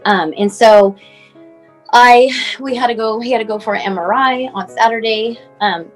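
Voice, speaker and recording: A woman's voice: on the high side, moderate pace, faint music behind, low-quality recording. A woman in her forties, a mother telling her son's story as a guest, talking in a rambling way full of "like" and "you know", on a clip-on mic. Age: 40s. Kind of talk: emotional personal account.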